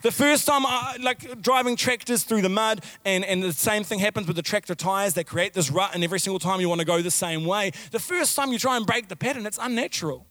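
A man preaching a sermon as pastor, animated, with sudden shouted outbursts and repeated phrases. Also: sits high, fairly quick, few pauses, dry recording.

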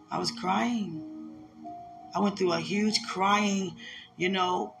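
A woman's voice: mid-range voice, fairly even intonation, slow pace, gravelly, long pauses, music in the background. A woman giving a heartfelt, emotional religious message, repeating herself and laughing often.

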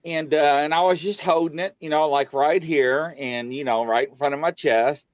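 A man's voice: moderate pace, no echo. A man telling a paranormal story in casual chat, acting out the quotes with big jumps in his voice. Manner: animated, acts out quotes with big pitch jumps. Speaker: paranormal show guest telling stories.

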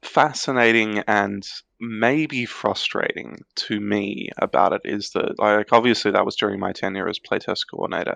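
A man's voice: on the low side, gravelly, a bit bright, no echo. A man on a podcast as a guest, talking casually and reflectively with a few restarts. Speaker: podcast guest, card designer. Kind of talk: casual chat.

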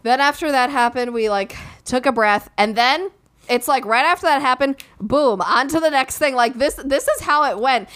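A woman's voice: sits high, moderate pace, a bit bright. A young woman chatting casually, telling a story with lots of filler words and speaking straight to her listeners. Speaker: podcast co-host and recent bride. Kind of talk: casual chat.

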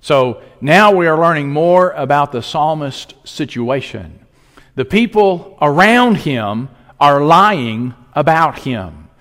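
A man preaching a sermon as pastor, emphatic, with dramatic pauses. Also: fairly high pitch, animated, fairly bright tone, long reverb tail.

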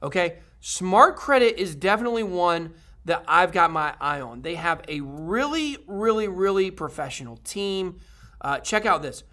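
A man's voice: sits high, animated, normal speed, sharp tone. A man hosting a crypto video, talking casually to viewers in a rambling, upbeat way with many fillers and restarts.

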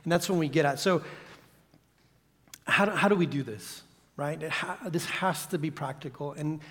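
A guest preacher, a man, delivers his sermon with a slightly high voice. He swings between loud, emphatic lines and hushed, whispered repetitions. A long reverb from the church hall trails every phrase. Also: normal speed. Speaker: guest pastor.

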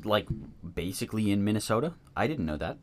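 A man's voice: lowish voice, very animated, fast. A young man in casual chat, skeptical and stubborn but playful.

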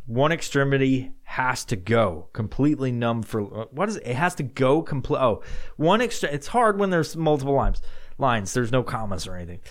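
A man hosting a solo podcast, rambling casually and swearing often while he answers odd questions, sometimes laughing at himself. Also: medium pitch. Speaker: podcast host.

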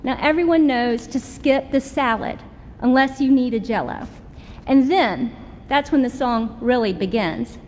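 A woman's voice: sits high, measured pace, a little mellow, long reverb tail, a little hiss or hum. A middle-aged woman pastor with a Southern American accent, preaching a sermon in a folksy, humorous storytelling way. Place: church sanctuary.

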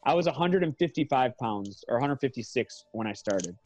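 A man's voice: mid-range voice, expressive, a little fast, darkish tone, highs cut off. A man in his thirties, an MMA fighter guesting on a podcast, telling a long story in a loose, profane way and often correcting himself mid-sentence.

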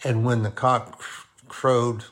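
A man preaching a sermon, deliberate and repeating key phrases for emphasis. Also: medium pitch, little pitch movement, fairly bright tone.

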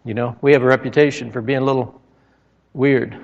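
A man's voice: medium pitch, steady tone, brisk, vocal fry. A man preaching a sermon, telling stories with dramatic retellings and emphatic outbursts. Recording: echoey hall, dull lo-fi sound.

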